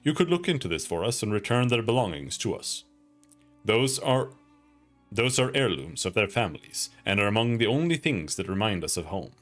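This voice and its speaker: A man's voice: fairly low pitch, big pitch swings, moderate pace. A man reading out the lines of a weary colony leader who asks a traveler for help, with faint music behind. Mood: earnest.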